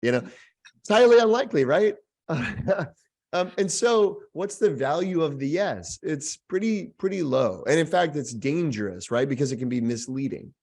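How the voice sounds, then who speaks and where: A man as guest expert, explaining ideas in casual talk and acting out little scenes with quick character voices over a video call. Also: a little high, expressive, a little mellow.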